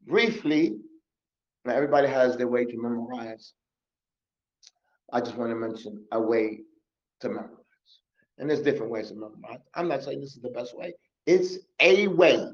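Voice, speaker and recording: A Quran teacher gives a mosque lesson on memorizing scripture, coaching and repeating himself while slipping in Arabic words and recitation. His mid-range voice moves at normal speed with frequent pauses, captured in a muffled lo-fi recording.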